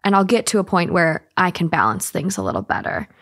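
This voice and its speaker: A woman's voice: fairly low pitch, very animated, fairly quick. A woman speaking as a guest on a podcast, earnest and openly emotional. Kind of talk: casual interview.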